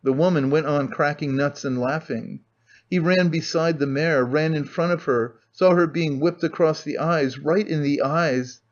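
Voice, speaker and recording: A man reading a classic novel aloud as an audiobook narrator, in a measured storytelling manner. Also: fairly high pitch. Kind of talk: scripted narration. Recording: muffled lo-fi audio.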